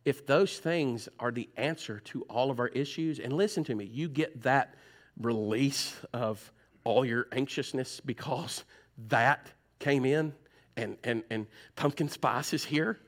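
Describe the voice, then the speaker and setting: A man preaches in a church sanctuary, slightly slow and mid-range in pitch. As pastor, he keeps his sermon conversational, teasing the congregation and voicing their complaints through mimicry.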